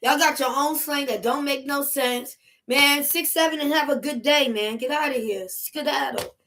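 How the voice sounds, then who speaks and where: A middle-aged woman, chatting casually on a livestream, loud and animated, laughing and shouting at times. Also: sits high, normal speed, a little hiss or hum. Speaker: livestream host.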